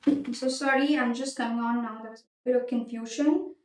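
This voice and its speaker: A young woman with an Indian English accent teaches a live online exam-prep class, mixing English and Hindi and repeating key points. Her voice sits high and moves at a quick clip. It comes through an echoey room, a little away from the mic. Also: steady tone, distant mic. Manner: switches between English and Hindi mid-sentence.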